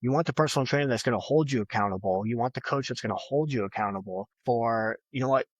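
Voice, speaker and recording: A man's voice: mid-range voice, quick pace, no room sound, highs cut off. A man guesting on a podcast, talking emphatically and motivationally, often saying "like" and "you know". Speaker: podcast guest, fitness and bodybuilding figure. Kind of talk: casual interview talk.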